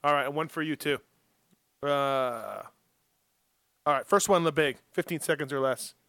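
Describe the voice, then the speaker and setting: A man hosting a casual radio talk show, joking and running a quick-fire timed segment. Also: on the high side, a bit bright, clear, resonant tone, dry recording, clean studio sound. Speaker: podcast host.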